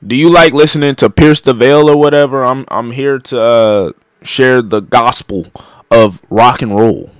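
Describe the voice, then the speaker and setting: A man's voice: mid-range voice, unhurried, clean tone, dry recording. A young man giving casual, joking gameplay commentary, profane and improvising lines. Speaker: gaming streamer.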